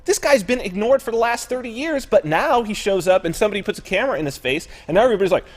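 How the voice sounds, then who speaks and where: Animated, lively-voiced male talk-show host. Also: high voice, rapid-fire. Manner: animated, mimics people in exaggerated voices, swears casually. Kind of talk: casual talk-show banter.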